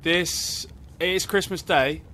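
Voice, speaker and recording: A man's voice: a little high, fairly even intonation, slow, pushed and bright. A man co-hosting a podcast, chatting casually and telling stories in a playful way. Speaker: podcast co-host. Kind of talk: casual chat.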